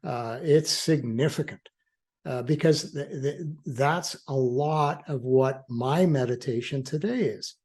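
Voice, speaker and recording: A man's voice: medium pitch, slow pace, darkish tone. An older man, a guest in an interview, speaking earnestly in a reflective, conversational way with frequent restarts and fillers. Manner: earnest, laughs easily. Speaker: guest, attorney in recovery.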